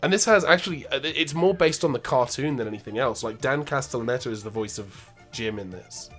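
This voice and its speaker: A man's voice: mid-range voice, brisk, a bit bright, soft background music. Rambling male co-host talking retro games. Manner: rambling, knowledgeable, many restarts. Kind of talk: casual gameplay commentary.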